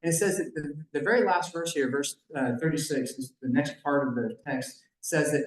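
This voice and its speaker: Man, fairly high voice, conversational Bible storyteller at a banquet, echoey room. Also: normal speed, few pauses. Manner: conversational, joking asides to the audience. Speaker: banquet speaker.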